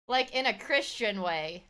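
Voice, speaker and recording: Reacting to a video, a woman streamer chats casually in a clear, resonant, mid-range voice. She's excitable and swears, shrieking her thanks to viewers.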